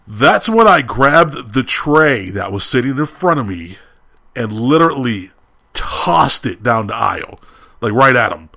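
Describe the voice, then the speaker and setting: A young man on a podcast, telling a heated story with loud, ranting quotes of what he said. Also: medium pitch, expressive, measured pace. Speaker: podcast co-host. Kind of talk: casual storytelling.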